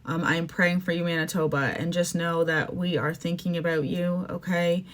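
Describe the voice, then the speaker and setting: A woman's voice: on the low side, flat delivery. A young adult woman from Canada hosting a podcast, ranting casually and with emotion, full of "like" and "um". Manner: emotional, fast-shifting, says "like" and "um" often. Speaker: podcast host. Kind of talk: casual opinion rant.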